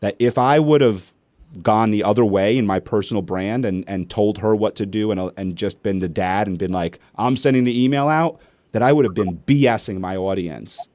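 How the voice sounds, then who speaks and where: Middle-aged male host, low voice, dry close sound, animated storyteller. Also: normal speed, no room sound. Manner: animated, acts out family dialogue. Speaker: podcast host and speaker. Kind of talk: casual storytelling in an interview.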